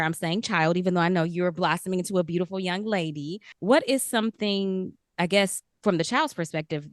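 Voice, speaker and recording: A woman co-hosting a podcast in casual chat, upbeat and quick to laugh, over a video call. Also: lowish voice, no echo, clean studio sound. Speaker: podcast co-host.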